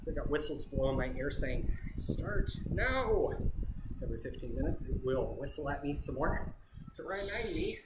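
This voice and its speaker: A man's voice: mid-range voice, fairly quick, roomy sound, heavy background noise. A man chatting casually while riding an indoor bike, thinking aloud as he pedals hard. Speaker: cycling vlogger.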